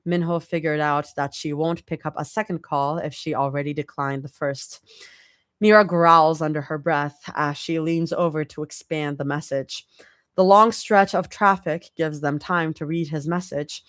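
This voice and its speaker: A woman's voice: sits low, no room sound, clean studio sound. A young woman reading fanfiction aloud live, casual and reacting as she goes. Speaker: fanfic reader.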